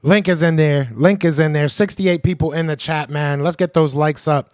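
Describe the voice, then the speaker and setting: A man with a high voice on a close, dry mic, hosting a sports podcast stream. He trash-talks rival fans in loud slang and hammers each point over and over. He speaks straight to viewers in the chat. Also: steady tone, moderate pace, clear, resonant tone, no echo. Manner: heated, trash-talking, repeats himself for emphasis. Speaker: podcast host. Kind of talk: live-stream sports rant.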